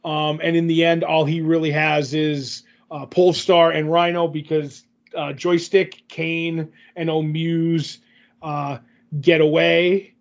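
A man's voice: fairly high pitch, little pitch movement, slow, vocal fry, lo-fi sound. A man co-hosting a podcast, rambling through a comic book recap in casual chat, with lots of fillers and self-corrections.

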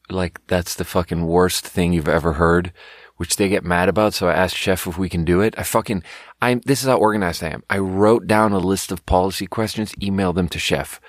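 A man's voice: low-pitched, dry recording, clean studio sound. A man in his thirties telling a long, profane, self-mocking story in casual monologue, worn out and rambling. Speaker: podcast host.

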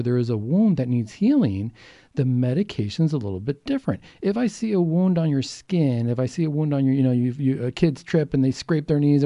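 A male doctor co-hosting a faith talk program explains his points earnestly and acts out the voices he quotes. His voice is very dark and mellow. The sound is dry and close. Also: fairly high pitch, no room sound, highs cut off. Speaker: doctor and co-host. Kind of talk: faith talk show discussion.

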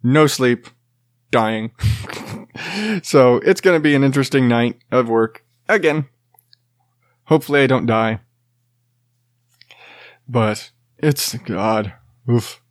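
Speaking slowly with frequent pauses in a mid-range voice, a worn-out podcast host and dad in his thirties chats casually. He rambles and restarts sentences, laughs a lot, and swears without much thought, recorded in studio quality with no room sound.

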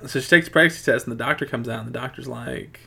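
A man's voice: medium pitch, racing, vocal fry, pushed and bright, breathy edge. A man casually retelling a film's plot as a podcast co-host, rambling with plenty of fillers. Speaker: podcast co-host reviewing a film. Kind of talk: casual chat.

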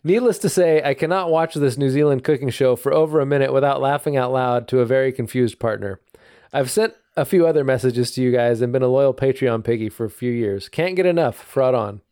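Male co-host, laid-back, reads emails, smooth voice, dry close mic. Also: medium pitch, fairly quick, dark tone, no room sound. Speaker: podcast co-host reading listener emails. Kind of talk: casual podcast chat.

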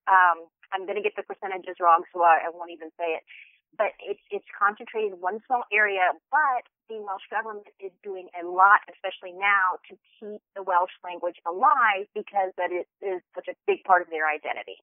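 A woman's voice: mid-range voice, no room sound. Chatty woman on a phone line. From United States. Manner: enthusiastic, chatty storyteller with frequent restarts. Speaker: travel show guest. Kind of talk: casual phone interview. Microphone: telephone.

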